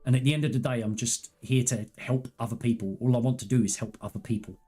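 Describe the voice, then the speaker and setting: A man's voice: mid-range voice, fairly even intonation, quick pace, mellow, husky, soft background music. A man chatting on a live stream, telling personal stories in a candid, rambling, earnest way. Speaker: gaming streamer. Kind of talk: casual live-stream chat.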